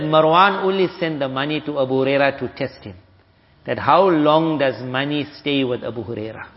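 A man giving a hadith lesson, retelling stories casually and acting out the dialogue. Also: mid-range voice. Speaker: Islamic teacher. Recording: dull, lo-fi audio with long hall reverb.

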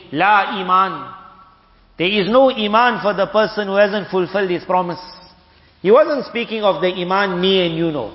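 A man teaching a hadith lesson in a relaxed, conversational way, voicing the people in his stories as he goes. His voice sits a little high for a man. The recording is dull and lo-fi, with a long reverb trailing off every phrase. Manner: casual storytelling, acting out dialogue. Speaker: Islamic teacher.

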